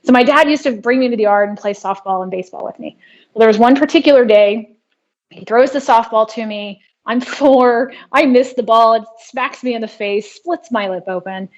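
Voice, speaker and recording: Woman guest on a podcast, earnest and steady, bit high pitched, kinda muffled audio. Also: moderate pace. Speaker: guest, trauma healing practitioner. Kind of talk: interview conversation, explaining and telling a personal story. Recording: dull lo-fi sound.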